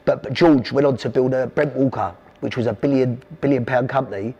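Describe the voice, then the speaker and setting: Fast-talking South London man. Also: medium pitch, warm tone, husky, lo-fi sound. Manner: rambling anecdotes, quoting his father. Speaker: podcast guest. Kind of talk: storytelling interview.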